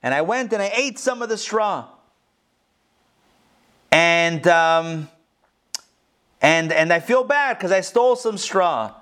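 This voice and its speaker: A man's voice: high-pitched, lively intonation, slow, pauses often, a bit bright, clear, resonant tone, heavily acted. A man voicing a meek little domesticated sheep who confesses timidly, stumbling and correcting himself.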